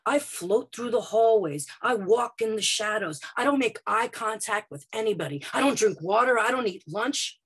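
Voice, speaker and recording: A woman from Brooklyn telling a first-person story on stage, dramatic and vivid, moving between quiet and loud passages. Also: fairly high pitch, animated, moderate pace, few pauses, breathy edge. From Brooklyn, United States.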